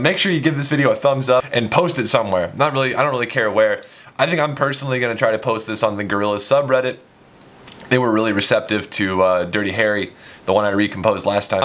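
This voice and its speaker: A man who hosts a music production channel, talking casually and loosely, dropping lower for quick asides. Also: fairly bright tone. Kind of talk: casual chat to camera at end of a session.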